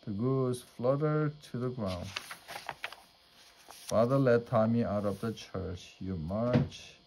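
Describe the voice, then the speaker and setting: Man reading a kids storybook, real slow, mellow dark voice. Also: medium pitch, vocal fry, a little hiss or hum. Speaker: storybook reader. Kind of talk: reading aloud a children's storybook.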